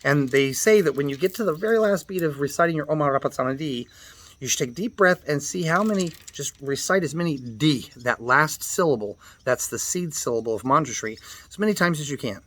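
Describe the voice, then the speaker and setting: A man teaching mantra practice, patiently explaining and spelling out pronunciations, chanting the syllables slowly, with loose fillers and restarts. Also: on the high side, animated, a bit bright. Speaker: meditation teacher.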